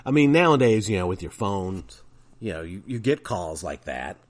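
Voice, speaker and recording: A man's voice: low voice, big pitch swings, normal speed. A man hosting a podcast, telling casual, chatty anecdotes in a monologue. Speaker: podcast host.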